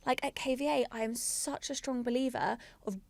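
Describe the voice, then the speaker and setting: A woman's voice: fairly high pitch, moderate pace, creaky. A woman co-hosting a podcast, earnest and reflective, thinking aloud. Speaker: podcast co-host, business owner. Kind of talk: casual conversational interview.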